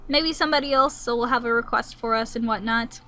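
A young woman hosts a gaming channel, giving let's-play commentary in a fairly quick, high-leaning voice with a bright, forceful tone. She's chatty and sings to herself, but grows easily exasperated and grumbles when things go wrong.

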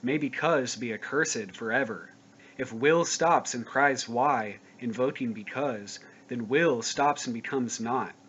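A man giving a solemn scripture reading, slow, grave and declamatory. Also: medium pitch, a bit bright. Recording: dull lo-fi recording with faint noise.

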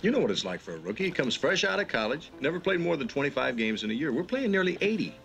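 An actor playing a smooth-talking, evasive team executive and scout, in a 1970s TV drama. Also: male voice, a little high, very animated, quick pace, fairly bright tone, slight background noise, exaggerated voice. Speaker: team manager and talent scout.

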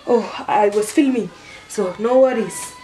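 A middle-aged woman talks through a makeup challenge in a halting, rambling, playful way. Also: mid-range voice. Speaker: mother doing a makeup challenge. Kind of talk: casual makeup tutorial. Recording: roomy echo, a little distant from the mic, faint background noise.

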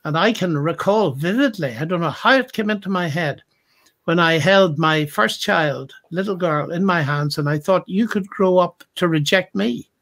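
A man's voice: a little high, moderate pace, fairly bright tone. Reflective man retelling stories in discussion. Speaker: Christian apologist in a discussion. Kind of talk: thoughtful conversational discussion.

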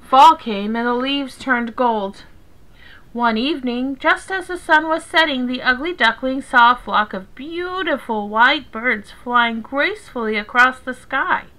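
A woman teacher reading a picture book aloud to children, in a gentle, expressive storytelling manner. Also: high-pitched, unhurried, low-quality recording.

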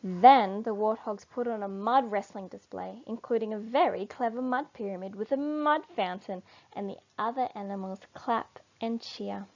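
A woman reading a children's picture book aloud in an expressive storytelling manner. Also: mid-range voice, normal speed. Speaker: storybook reader. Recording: dull lo-fi recording.

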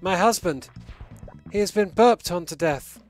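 A man putting on a high, frantic voice as a panicked wife begging a doctor for help. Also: animated, a little slow, faint music behind. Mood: frantic plea. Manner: frantic, pleading, melodramatic.

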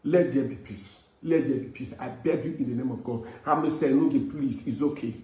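A man's voice: medium pitch, fairly quick, mellow. A man with a Nigerian accent making earnest, pleading appeals for peace. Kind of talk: pleading commentary. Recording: echoey room.

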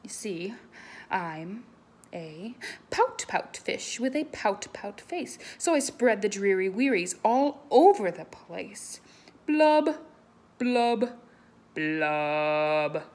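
A woman voicing a glum, gloomy male fish from a children's picture book, reading his lines loud and drawn out. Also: mid-range voice, very animated, very slow, exaggerated voice. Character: glum pouty male fish who sighs "blub".

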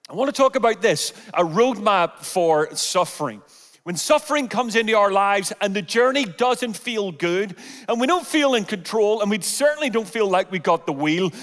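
A middle-aged Irish man preaching a sermon in a big church auditorium, his voice pitched high for a man. He is animated and full of jokes as he warms up the congregation. A long hall reverb hangs on every line. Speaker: guest pastor.

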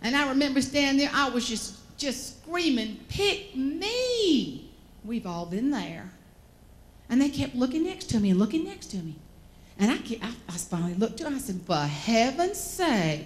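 A woman from the American South, telling folksy, animated stories as a motivational speaker and acting out the voices in them. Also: a little high, normal speed. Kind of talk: storytelling keynote speech.

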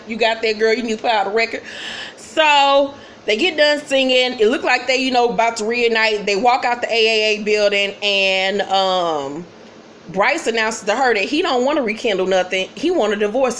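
A woman giving a casual, animated recap of a TV episode, acting out the characters' lines with laughter and swearing. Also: fairly high pitch, slight background noise. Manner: animated storyteller, acts out quotes with laughs and swearing. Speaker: TV recap host.

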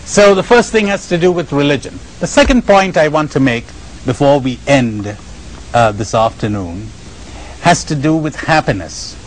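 An Indian-accented man giving a spiritual talk, moving between stories and lessons with emphatic stresses and dramatic pauses. His fairly high voice swings widely in pitch. A faint steady hiss runs under the recording. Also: low-quality recording. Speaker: spiritual retreat speaker. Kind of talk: spiritual lecture with storytelling.

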